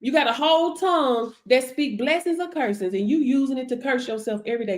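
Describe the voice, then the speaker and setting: A woman's voice: high voice, brisk, few pauses. A woman hosting a casual livestream, preaching and laughing in a sassy, colloquial way as a business mentor. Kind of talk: casual motivational livestream talk. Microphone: streaming setup.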